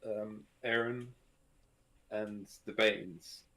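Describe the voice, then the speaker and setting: A man's voice: on the low side, fairly even intonation, very slow, a bit bright. A British man chatting as a guest, easygoing and soothing to listen to. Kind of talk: casual podcast chat.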